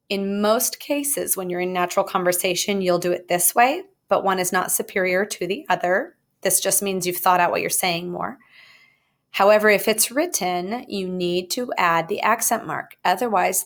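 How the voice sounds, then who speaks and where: A woman teacher explaining grammar in a recorded lesson, playful and jokey, with sudden lively jumps up in pitch. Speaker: Spanish teacher.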